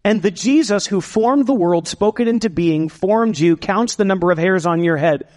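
A man preaching a sermon as pastor, building emphasis with dramatic pauses and adding playful asides to the congregation. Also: high-pitched, a little mellow, big-room sound.

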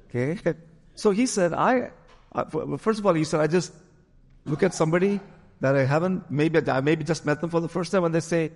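A man's voice: on the high side, a little fast. Man preaching in an echoing hall. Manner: animated storyteller acting out quoted voices. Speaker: pastor. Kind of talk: sermon storytelling.

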